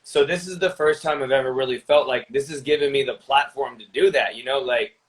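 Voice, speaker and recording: A young man chats casually as a podcast guest, telling stories about his streaming work. His voice sits at an ordinary middle pitch. He rambles and restarts sentences often. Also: fairly quick, rough recording. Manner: rambling, lots of fillers and restarts.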